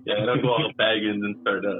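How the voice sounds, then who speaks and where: A man's voice: fairly low pitch, fairly even intonation, brisk, slightly rough, phone-quality sound. A man from a Texas border town, chatting casually as a podcast guest, laid-back and joking with lots of fillers. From Laredo, Texas border town. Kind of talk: casual chat.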